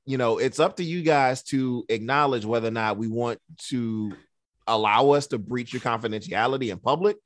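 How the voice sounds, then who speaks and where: A man who works as a therapist with kids, telling stories in a relaxed, conversational way and acting out the quotes. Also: medium pitch, normal speed, no room sound, clean studio sound. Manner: relaxed storyteller, acts out quotes in a raised voice. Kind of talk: casual podcast conversation.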